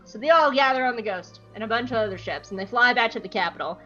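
Animated woman podcast host. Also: on the high side, fast talker, faint music behind. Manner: animated, giggly storytelling. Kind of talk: casual fan-fiction retelling. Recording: dull lo-fi podcast audio.

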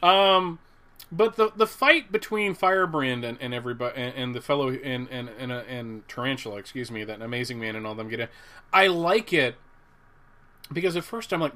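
A man in his forties from the United States, talking casually as a podcast co-host. He rambles, trips over his own restarts and chuckles at his own jokes. His voice sits in an ordinary middle pitch. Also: brisk, sharp tone. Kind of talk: casual chat about comics.

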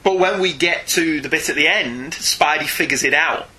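A man co-hosting a casual comics podcast, animated and often laughing, with quick asides. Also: fairly high pitch, slight background noise. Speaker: podcast co-host. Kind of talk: casual chat about comics.

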